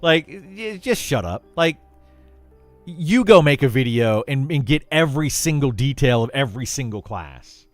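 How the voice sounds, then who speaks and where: A man's voice: mid-range voice, a little slow, no echo, soft background music. A man who makes gaming videos, chatting casually in an exasperated, ranting way. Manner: animated ranting, exasperated, laughs often. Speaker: gaming content creator. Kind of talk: casual livestream chat.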